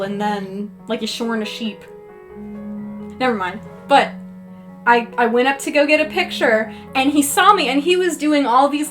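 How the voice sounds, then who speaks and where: Chatty high-voiced woman, soft folk music behind. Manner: chatty, rambling storyteller with lots of fillers. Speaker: livestreaming painter. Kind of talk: casual chat while painting on a livestream. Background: soft guitar folk music.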